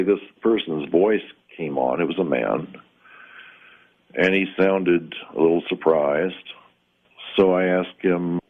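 A man calmly recounting a strange personal experience in plain, measured words, sometimes pausing to find the right term. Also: very deep voice, breathy edge. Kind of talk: first-person spoken recollection. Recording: tinny phone-like line.

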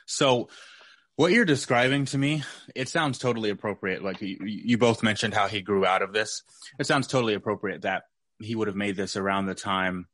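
A man co-hosting a podcast in casual chat, animated, often mock-quoting people in a put-on voice. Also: on the low side, moderate pace, no echo. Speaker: podcast co-host.

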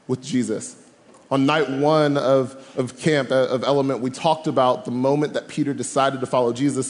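A man speaking at a camp to a live audience, preaching a youth sermon with animated, humorous, slangy storytelling. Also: medium pitch. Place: large room with live audience. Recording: long hall reverb.

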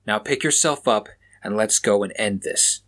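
A man's voice: lowish voice, normal speed, a bit bright. A man voicing a stern, determined male police officer in an audiobook, with a commanding, clipped delivery. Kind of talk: audiobook character voice.

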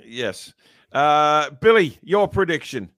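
A man's voice: on the high side, lively intonation, slow pace, a bit bright, no echo. A man hosting a fan podcast in casual live chat, rambling and teasing with plenty of hesitations. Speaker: podcast host.

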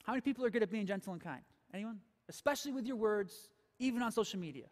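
A man's voice: high-pitched, lively intonation, rapid-fire, darkish tone. A man preaching a sermon as pastor, emphatic and asking the congregation questions. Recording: long hall reverb.

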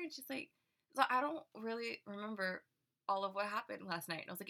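A young woman chatting casually as co-host, wry and quick with side comments and laughs. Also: mid-range voice, animated, pushed and bright. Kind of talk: casual storytelling chat.

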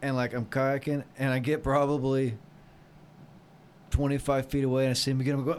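A man telling a story in a casual chat, rambling and animated, full of fillers. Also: mid-range voice, moderate pace, slight background noise. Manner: rambling, animated retelling with lots of "like" and quoted voices.

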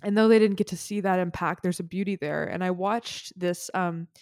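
In a dry, clean studio recording, a podcast co-host with a fairly low pitch and darkish tone speaks at normal speed. Tearful and sniffling, she rambles earnestly about a film she loves in an emotional discussion.

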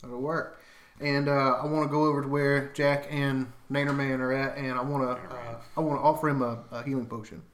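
A man's voice: mid-range voice, little pitch movement, brisk. A man playing a tabletop game, speaking casually and hesitantly. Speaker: player. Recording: echoey room with faint hiss.

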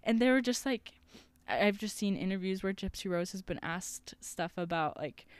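A young woman co-hosting a podcast, chatting casually with quick reactions, gasps and laughs. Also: mid-range voice, lively intonation, clear, resonant tone, dry recording. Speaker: podcast co-host. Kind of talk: casual chat.

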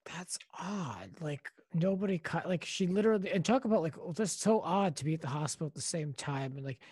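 A man's voice: a little high, quick pace, a little mellow, slightly rough, no room sound. A man co-hosting a podcast, musing aloud with lots of "like" and half-finished questions. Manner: musing, full of "like" and trailing questions. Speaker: podcast co-host. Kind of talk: casual chat.

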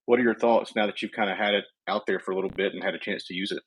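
A man's voice: lowish voice, fairly even intonation, very fast, breathy edge, rough recording. A man with a Southern US accent, hosting a casual online tech call and asking easygoing questions. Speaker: host.

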